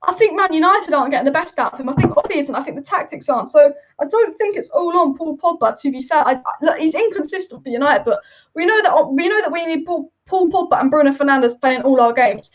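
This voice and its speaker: A woman's voice: high voice, animated, quick pace. A woman hosting a football live stream, reading viewer comments and giving passionate, rambling opinions. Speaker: football channel host. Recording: dull lo-fi stream audio.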